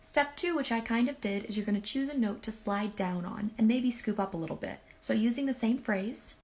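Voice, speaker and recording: A woman's voice: fairly high pitch, fairly quick, darkish tone. A woman explaining step by step, in an upbeat and chatty way, how to sing like pop singers. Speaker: singer and impressionist. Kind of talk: casual singing tutorial.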